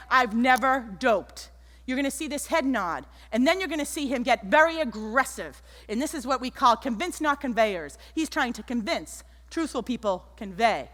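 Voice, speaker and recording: A woman giving an animated keynote talk on stage, telling stories and acting out the people in them. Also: high voice. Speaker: keynote speaker. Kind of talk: motivational stage talk with storytelling. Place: large auditorium stage. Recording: echoey auditorium.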